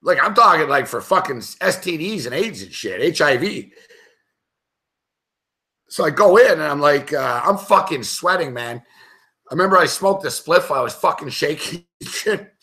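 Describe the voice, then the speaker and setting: A man's voice: a little high, moderate pace. A young man telling a rambling story on a chat show, swearing constantly as he talks. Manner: rambling, animated anecdote telling. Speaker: show panelist.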